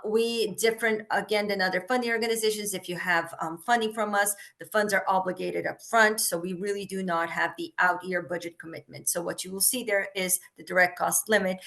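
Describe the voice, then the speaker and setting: A woman's voice: mid-range voice, steady tone, normal speed, gravelly, hardly any pauses, a bit bright. A woman, a research funding program manager, presenting a webinar and explaining things step by step with frequent "um" fillers. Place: remote webinar.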